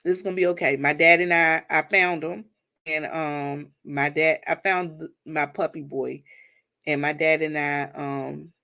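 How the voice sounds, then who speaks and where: A woman's voice: low voice, steady tone, unhurried, bright, forceful tone. A woman hosts a casual livestream from home, talking to her viewers like family. She greets them by name and drops churchy phrases into the chat, recorded on a simple phone or webcam mic. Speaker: livestream host.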